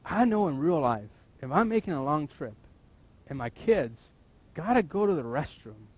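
A man preaching a sermon, repeating key phrases and now and then breaking into loud shouts. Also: a little high, big pitch swings, normal speed, husky. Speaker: pastor.

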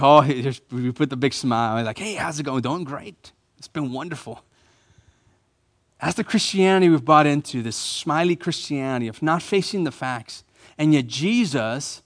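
A man preaching a sermon as a pastor in a church, emphatic, repeating key phrases and rising to louder bursts. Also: fairly high pitch.

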